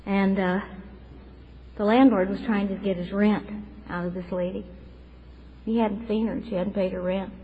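Her tone steady and her voice mid-range, a woman in her fifties recounts her recovery at a support meeting, pausing often at a normal speed. The telling is earnest, reflective and sometimes tearful. The recording is dull and lo-fi with faint noise.

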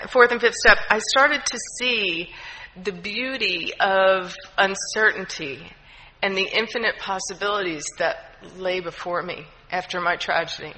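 A woman's voice: medium pitch, sharp tone, a little hiss or hum. A woman giving an earnest, heartfelt personal testimony, with many fillers. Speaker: speaker sharing a recovery story. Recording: long hall reverb.

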